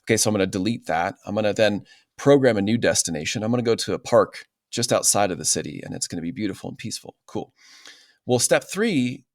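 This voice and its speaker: Clean studio sound captures a man with a fairly low pitch in a dry recording. Appearing as a podcast guest in a casual interview, he explains things earnestly, repeatedly asking "right?".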